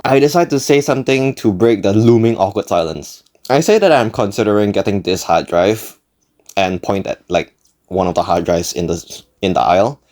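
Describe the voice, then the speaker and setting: A young man with a fairly low voice tells a funny story about himself. His pitch swings widely as he plays up every awkward moment with dramatic, self-mocking exaggeration. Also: darkish tone. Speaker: channel creator. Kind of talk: comedic storytime narration.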